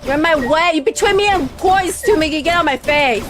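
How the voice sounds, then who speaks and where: A woman streamer playing a visual novel, reading the game's lines aloud and chatting with viewers in an animated, dramatic way. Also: high-pitched, a little fast. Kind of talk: reading game text aloud and reacting. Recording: faint game music behind.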